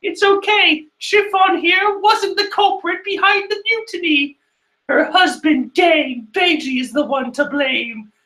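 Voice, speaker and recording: A man putting on a squeaky falsetto voice for a sweet young princess while reading a comic aloud. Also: a little slow, sharp tone, full character voice. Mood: apologetic. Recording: echoey room.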